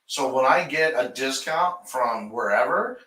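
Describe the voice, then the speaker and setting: Brief: fired-up shop owner, swears a lot, bright forceful voice, roomy garage sound, a little off-mic. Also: male voice, medium pitch, expressive, unhurried, distant mic. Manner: heated, profane, ranting. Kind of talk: casual podcast chat.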